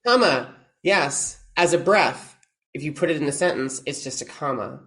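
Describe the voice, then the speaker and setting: A man's voice: a little high, moderate pace. A man who teaches oboe, a guest in a casual podcast interview, talking animatedly, quoting what he tells his students, with frequent restarts. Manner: animated, quotes himself to students, many restarts.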